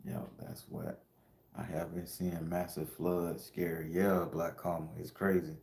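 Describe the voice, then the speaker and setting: Give me a deep, mellow-voiced man talking casually to his viewers in a roomy echo. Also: little pitch movement, unhurried. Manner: emotional, slangy, talks to viewers directly. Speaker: spiritual channel host and tarot reader. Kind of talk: casual livestream storytelling.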